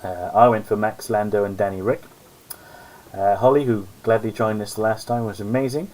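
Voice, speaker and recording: A man's voice: lowish voice, steady tone, normal speed, a little mellow, poor audio. A man hosting a live-stream alone, chatting casually in a rambling, self-mocking way. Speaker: host. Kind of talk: solo live-stream commentary chat.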